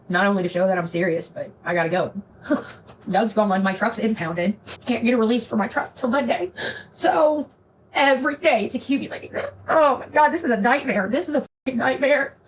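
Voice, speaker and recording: A woman's voice: mid-range voice, brisk, gravelly, slight background noise. A distraught woman streamer, close to tears, rambles and repeats herself in a tearful confession to her viewers. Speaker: live streamer.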